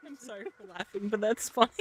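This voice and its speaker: A woman's voice: medium pitch, fast talker, a bit bright, faint music behind. A woman streamer chatting casually while gaming, telling stories and laughing often. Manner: giggly, chatty storyteller.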